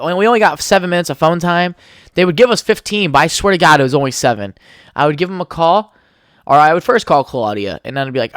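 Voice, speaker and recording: On his casual solo podcast, a young host rambles from story to story, cursing a lot and laughing often. His voice is a little high with a fairly bright tone, captured in clean studio sound with no room sound.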